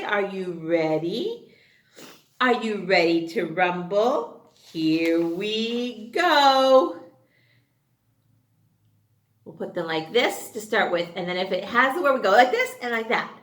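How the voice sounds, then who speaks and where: A woman's voice: mid-range voice, sing-song, measured pace. A woman teaching a phonics lesson to young children, sing-song and exaggerated, drawing out her sounds. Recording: echoey room.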